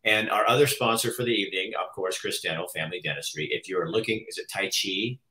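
A man's voice: low-pitched, quick pace, sharp tone, poor audio. A man hosting a live show, teasing and joking through casual banter. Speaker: show host. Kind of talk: casual live-stream chat.

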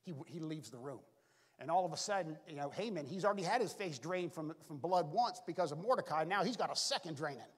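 A man's voice: a little high, expressive, fast talker, husky. A male pastor preaching a sermon, retelling the story and acting out the characters' lines, often saying "all of a sudden" and "be able to". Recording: long reverb from a large hall.

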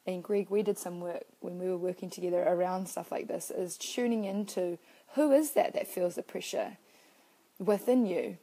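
A young woman talks openly to her live-stream viewers, greeting them by name as she goes. Her voice is soft and mellow, and her manner is heartfelt and unfiltered, with the odd swear word. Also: lowish voice, moderate pace. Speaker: live-stream host and personal-growth coach.

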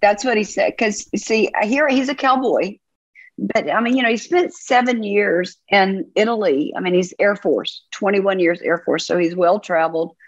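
A woman's voice: mid-range voice, moderate pace, dry recording. A Southern woman chats on a podcast, spinning folksy stories with easy laughs. Her voice sits in a middle register and is recorded dry and close. The sound is a little dull and lo-fi. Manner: chatty, folksy, laughs easily. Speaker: podcast guest, pastor. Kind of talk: casual storytelling chat.

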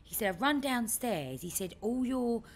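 A woman co-hosting a podcast, telling a story in a lively way and acting out other people's lines. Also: on the high side, moderate pace, a little hiss or hum. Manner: animated storyteller, acts out her dad's lines. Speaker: podcast co-host. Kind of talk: casual chat, storytelling.

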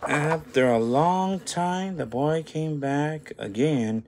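A man reading a children's story aloud in a gentle voice, with small slips along the way. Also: a little high, takes it slowly, hardly any pauses.

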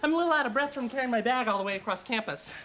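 A woman's voice: fairly high pitch, animated, racing, heavy background noise, lightly acted. A woman playing a goofy, over-eager young male college freshman in a comedy sketch, chipper and rambling. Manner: overly chipper, dorky, rambling.

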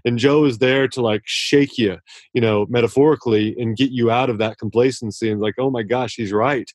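A man's voice: mid-range voice, steady tone, brisk, darkish tone, no echo. A man speaking as a guest author in a casual podcast interview, earnest and effusive, often restarting his sentences.

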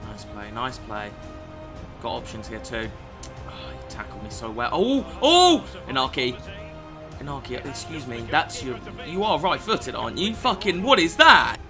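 A young man commenting on his own football video game match, moving from quiet mutters to furious, swearing shouts. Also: medium pitch, normal speed, over music. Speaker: gaming YouTuber. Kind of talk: live gameplay commentary.

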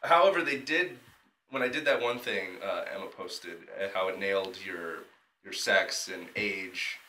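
A young man co-hosting a podcast in casual chat, animated and quick to laugh, often repeating his words. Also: deep voice, echoey room, poor audio. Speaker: podcast co-host.

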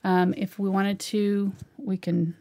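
A woman's voice: mid-range voice, little pitch movement, takes it slowly, warm tone, a little hiss or hum. A middle-aged woman teaching a live painting tutorial, chatting casually while she paints. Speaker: painting instructor.

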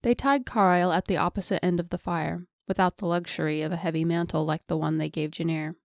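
Low-voiced woman narrating a fantasy. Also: fairly even intonation, no room sound, clean studio sound. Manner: measured storytelling. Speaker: audiobook narrator.

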